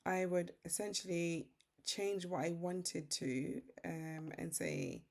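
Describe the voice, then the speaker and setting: British female tutorial host, lowish gravelly voice, relaxed step-by-step walkthrough. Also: slow, slight background noise. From Britain. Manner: casual step-by-step explaining. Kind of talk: screen-recorded software tutorial.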